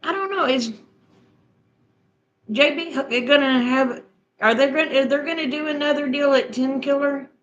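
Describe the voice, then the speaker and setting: A middle-aged woman with a fairly high voice talks her viewers through a recipe step by step. She speaks in a homespun, chatty way and often repeats herself. A faint noise sits behind her voice. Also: normal speed, long pauses, fairly bright tone, dull audio. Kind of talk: casual chat, recipe instructions.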